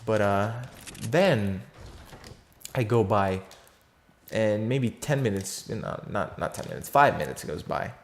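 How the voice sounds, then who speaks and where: A man's voice: fairly low pitch, animated, takes it slowly. A fourteen-year-old boy telling a story in a casual vlog, rambling with lots of fillers, slang and restarts. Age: teenager, fourteen.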